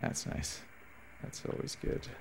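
A man's voice: slow, noisy background. A man streaming a horror game, talking to his chat as he plays, reacting with swearing and laughter. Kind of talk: casual gaming commentary.

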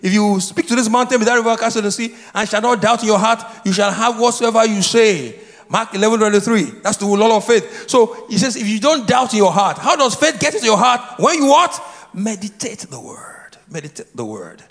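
A pastor preaches a sermon in a church sanctuary, leading call and response with repeated questions and answers that prompt the congregation to reply. His high voice is fairly quick and a bit bright, carried by a long hall reverb.

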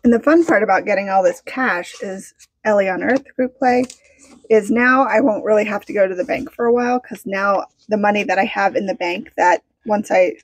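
A woman chats casually on her vlog while counting out cash. She sounds bubbly and excitable, and her voice sits in a middle pitch. She often talks to herself as she counts. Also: normal speed, breathy edge. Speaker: budgeting vlogger.

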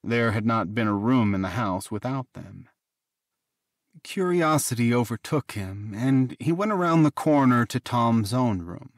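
A man reading a fantasy romance audiobook in a measured, even narration. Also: medium pitch, no echo, studio quality. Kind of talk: scripted narration.

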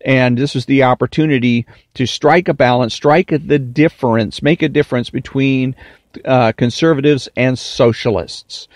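A man delivering a political commentary monologue, deliberate and emphatic, slowing to stress key words. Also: mid-range voice, dry recording. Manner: deliberate, emphatic, drawn-out stresses, mocking whiny impressions.

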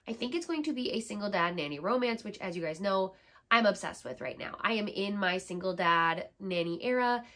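A woman's voice: medium pitch, fairly bright tone. A young woman vlogging about upcoming books, enthusiastic and gushing, sounding a bit under the weather from being sick. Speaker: book vlogger. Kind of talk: casual booktube chat and blurb reading.

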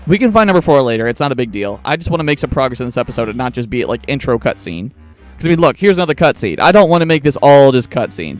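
A young man hosting a let's-play, rambling through casual gameplay commentary with lots of filler words. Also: medium pitch. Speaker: gaming channel host.

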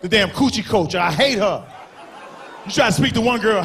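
A man doing a stand-up comedy routine on stage, talking in an animated way and acting out characters in quick voices. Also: very high voice. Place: comedy club stage before a live audience. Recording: live show with crowd laughter and faint noise.

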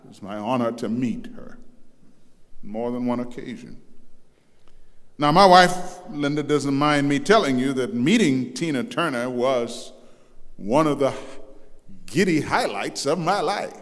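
Storytelling pastor in a reverberant church. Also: male voice, unhurried, long pauses. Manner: storytelling with acted quotes and animated shifts in pitch. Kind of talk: sermon. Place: large church sanctuary. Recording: long reverb of a church hall.

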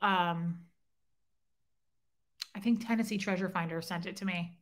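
A woman's voice: lowish voice, steady tone, measured pace, pauses often, a bit bright. A woman hosting a casual livestream, chatting with viewers and reading their comments aloud, self-deprecating and teasing. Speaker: livestream host. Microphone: phone.

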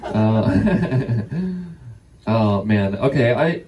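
A man's voice: on the low side, animated, very slow. A man doing a loose stand-up set, swearing and laughing through his lines in front of a live crowd. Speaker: stand-up comedian. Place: comedy venue with live audience. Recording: distant mic with crowd noise.

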